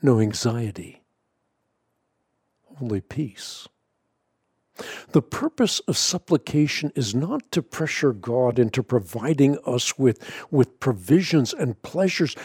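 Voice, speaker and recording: A man giving a scripted teaching on prayer, measured and earnest, leaning hard on key words. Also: medium pitch, sing-song, darkish tone, slightly rough, no echo, studio quality. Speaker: Christian teacher.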